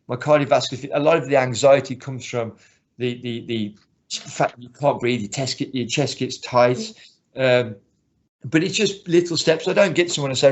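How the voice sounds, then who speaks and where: A man's voice: mid-range voice, moderate pace. A man who coaches martial arts, talking earnestly in a casual interview and often restarting his sentences. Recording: slightly muffled lo-fi recording.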